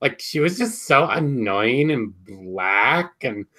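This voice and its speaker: A man co-hosting a casual episode review, excitable and quick to laugh and swear. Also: mid-range voice. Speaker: podcast co-host.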